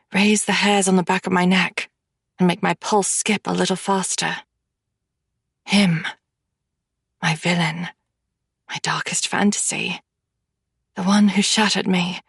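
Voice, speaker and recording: A woman narrating a first-person romance audiobook in a wry, confiding, expressive way. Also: mid-range voice, dry recording, studio quality.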